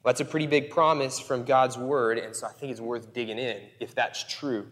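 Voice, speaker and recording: A man's voice: medium pitch, fairly even intonation, moderate pace, fairly bright tone, long reverb tail. A male pastor preaching a sermon in a conversational, emphatic way, in a church sanctuary.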